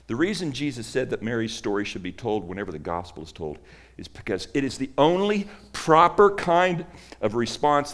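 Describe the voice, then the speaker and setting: A man preaching a sermon, retelling a story with dramatic swings between loud emphasis and hushed near-whispers. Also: medium pitch. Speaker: pastor.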